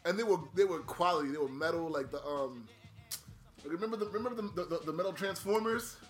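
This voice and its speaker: A man's voice: a little high, quick pace, soft background music. A man in casual chat with a friend, laid-back and slangy, laughing often.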